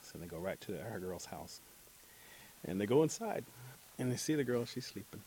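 A man telling a folk tale aloud, animated, acting out the characters' lines. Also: on the low side, normal speed, a little hiss or hum. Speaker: storyteller. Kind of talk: oral storytelling.

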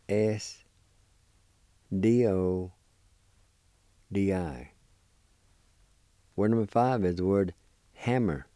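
A man's voice: lowish voice, dark tone, no room sound. A man teaching a language lesson, patiently spelling and sounding out words syllable by syllable and encouraging his listeners.

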